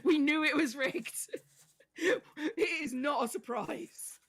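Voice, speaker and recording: A woman's voice: sits high, slow. A woman co-streaming, teasing and laughing often in casual chat.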